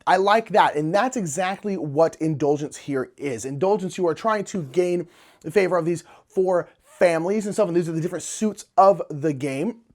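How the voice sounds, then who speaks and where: A man's voice: fairly high pitch, normal speed. A man casually and enthusiastically reviewing board games in a chatty vlog, with plenty of fillers.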